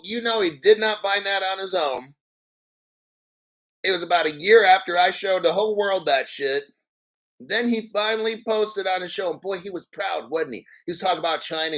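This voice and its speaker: A man's voice: a little high, a bit bright. Profane, ranting man in his fifties. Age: 50s. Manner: profane, mocking, rambling. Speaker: crypto channel host. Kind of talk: casual unscripted rant to viewers.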